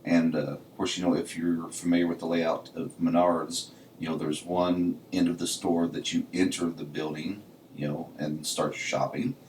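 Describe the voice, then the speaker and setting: A man's voice: low voice, little pitch movement, moderate pace, darkish tone, a little hiss or hum. A man co-hosting a podcast, telling stories casually and saying "you know" all the time. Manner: says "you know" constantly, storytelling. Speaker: podcast co-host. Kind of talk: casual chat. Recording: distant mic in an echoey room.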